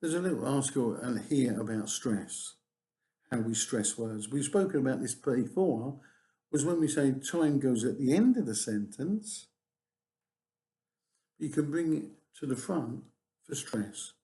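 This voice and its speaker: A man's voice: mid-range voice, expressive, unhurried, warm tone. A man teaching a recorded course lecture, explaining in a teacherly way with hesitant restarts. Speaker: TEFL course tutor.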